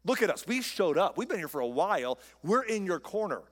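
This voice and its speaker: A man's voice: sits high, sing-song, a little fast, voice pushed up. A man playing an earnest, well-meaning friend. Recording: long reverb of a large hall.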